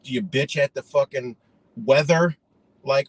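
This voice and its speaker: A man's voice: mid-range voice, a little slow, breathy edge, no room sound, rough recording. A man ranting indignantly in a profane, rambling monologue.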